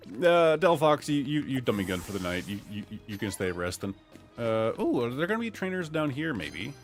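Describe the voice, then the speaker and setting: A man from Ohio gives casual play-by-play while streaming a game. His mid-pitched voice leaps up and down, swinging from mutters to excited outbursts. Faint game music plays behind him. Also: moderate pace. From Ohio, USA. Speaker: gaming streamer. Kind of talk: casual gameplay commentary.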